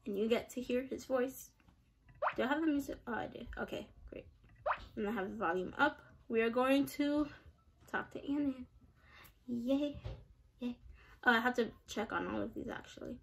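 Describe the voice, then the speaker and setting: A woman's voice: fairly high pitch, moderate pace, gravelly, long pauses, slightly rough. A woman giving casual gaming commentary, chatty, giggly and self-deprecating. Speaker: game streamer.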